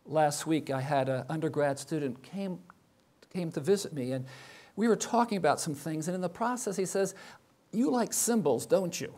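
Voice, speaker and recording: An older man delivers a chapel sermon in a warm, mellow voice. He speaks reflectively and often pauses on rhetorical questions to his listeners. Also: fairly high pitch.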